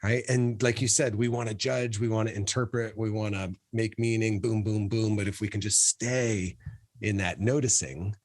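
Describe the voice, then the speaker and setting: A man's voice: lowish voice, normal speed, dry recording. A man hosting a podcast who works as a music therapist, reacting with enthusiasm in casual interview chat. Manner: enthusiastic, lively, with fillers.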